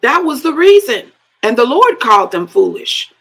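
A woman's voice: high-pitched, sing-song, moderate pace, vocal fry, a bit bright, poor audio. A middle-aged woman preaching a sermon, breaking into speaking in tongues and laughing between phrases.

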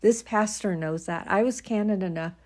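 A woman's voice: mid-range voice, moderate pace, a little mellow. A middle-aged woman talking candidly to her viewers in a folksy, emphatic way, laughing often as she tells personal stories. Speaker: vlogger.

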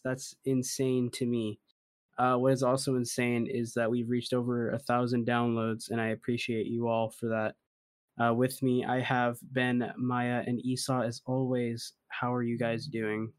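A man's voice: mid-range voice, dry recording, studio quality. Young man hosting a casual podcast. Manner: animated storyteller, rising to laughing disbelief. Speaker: podcast host. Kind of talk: casual chat, storytelling.

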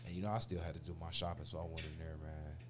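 Over a noisy background, a man in his forties with an extremely low voice rattles off a long story very fast. His casual telling is loaded with profane street slang, and he acts out each person's voice vividly.

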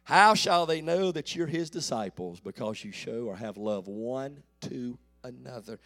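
A pastor in his late forties preaching a folksy call-and-response sermon that builds to shouts. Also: mid-range voice, expressive, measured pace. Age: 40s.

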